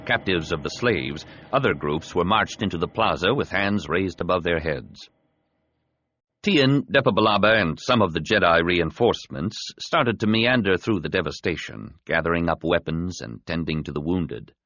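A man narrating a science fiction novel in an expressive, dramatic reading. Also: deep voice, normal speed, dry recording. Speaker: audiobook narrator. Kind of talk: scripted narration. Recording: slightly dull, dry studio recording.

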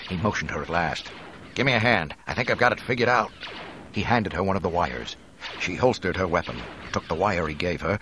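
Deep, expressive audiobook narrator. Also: male voice, a little hiss or hum, low-quality recording. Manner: expressive, varied delivery.

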